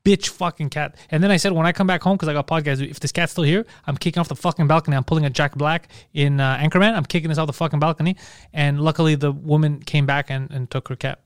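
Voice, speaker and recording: A man co-hosting a comedy podcast, telling profane stories in casual chat and acting out his own yelling. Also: fairly high pitch, fairly even intonation, fast, clear, resonant tone, no room sound, studio quality. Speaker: podcast co-host.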